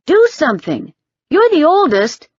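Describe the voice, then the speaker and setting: Woman narrator as a young woman, high, loud, at her wits' end. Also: sing-song, takes it slowly, no echo, lo-fi sound, heavily acted. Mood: exasperated. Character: exasperated tattooed young witch, woman.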